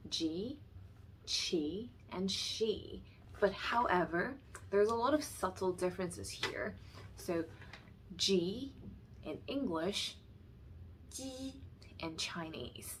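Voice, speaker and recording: A woman's voice: fairly low pitch, a little hiss or hum. A woman teaching Mandarin pronunciation, carefully demonstrating and contrasting sounds in an explanatory lesson.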